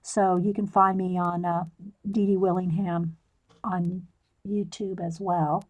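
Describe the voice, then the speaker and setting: A woman's voice: lowish voice, level tone, slow, a little mellow, dull audio. A woman in her sixties hosting a live stream, chatting and laughing casually while she colors and reads the live chat aloud.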